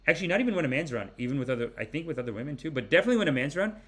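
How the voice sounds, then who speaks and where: Forties male host, comic pundit; animated, rambling, mock-sermon delivery, slightly high voice. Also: racing. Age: 40s. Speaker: podcast host. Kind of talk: comedic commentary.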